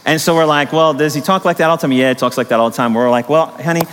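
A middle-aged male pastor delivers a sermon in a fairly high voice, moving from a relaxed storytelling tone into emphatic, climbing peaks. The sound carries a long reverb, as in a large sanctuary. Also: very fast, clean tone. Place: church sanctuary.

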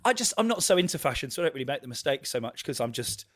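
A man's voice: medium pitch, very animated, racing, no room sound. A man, a podcast co-host, telling a story in casual chat with frequent laughs. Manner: chatty, laughs often, swears.

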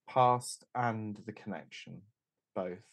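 Low-voiced man musing as a player. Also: slow, vocal fry, highs cut off. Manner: musing, thinking aloud. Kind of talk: tabletop game play.

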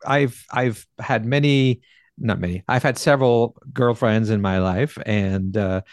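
A man's voice: lowish voice, a little slow, dry recording, clean studio sound. A man who is a guest on a podcast, speaking in a reassuring, matter-of-fact way. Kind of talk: casual candid chat.

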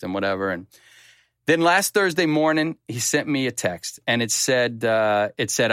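A man's voice: mid-range voice, lively intonation, moderate pace, fairly bright tone, no echo, clean studio sound. A man in his fifties, co-hosting a show and telling a long rambling story in a casual, self-deprecating way, with many restarts. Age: 50s.

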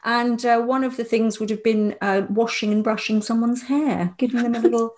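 A woman's voice: a little high, fairly even intonation, normal speed, a little mellow. A middle-aged woman co-hosting a casual chat, giggly and self-deprecating, speeding up when she explains. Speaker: podcast co-host.

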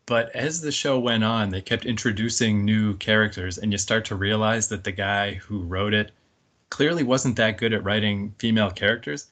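A man's voice: on the low side, steady tone, moderate pace, fairly bright tone. A man talking casually about a film on a podcast, rambling and laughing often. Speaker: podcast guest.

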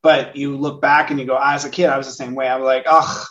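A man's voice: medium pitch, fast. A man from California in a casual film discussion on a podcast, animatedly acting out the people he quotes. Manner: animated, acts out quoted parents. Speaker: podcast co-host. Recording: dull lo-fi sound.

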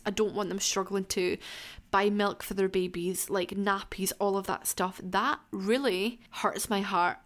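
A young adult woman, hosting a solo Q&A podcast and talking in a candid, chatty, heartfelt way with the odd swear word. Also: medium pitch. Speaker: podcast host. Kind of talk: casual solo Q&A podcast chat.

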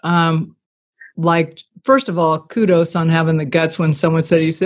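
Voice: mid-range voice, level tone, normal speed. Encouraging interview host. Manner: encouraging, reflective questions. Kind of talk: conversational interview.

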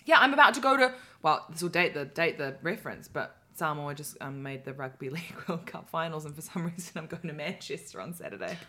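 Chatty New Zealand woman with a lowish voice. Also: expressive, a little fast, few pauses, pushed and bright. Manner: chatty, self-deprecating, laughs often, many restarts. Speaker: comedian and guest host. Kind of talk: casual chat.

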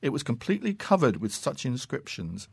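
A man reading classic fiction aloud in a measured, unhurried and expressive way. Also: mid-range voice, creaky, slightly rough, no echo. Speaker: narrator.

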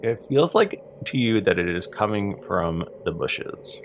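A dungeon master running a tabletop game in a relaxed, brief way. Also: low voice, measured pace, slight background noise.

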